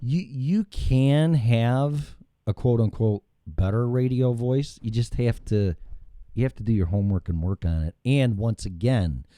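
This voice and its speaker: A man's voice: medium pitch, unhurried, no room sound. A man hosting a casual talk show, telling rambling, profane stories with lots of energy on a studio mic with headphones. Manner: profane, rambling, animated storytelling. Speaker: show host.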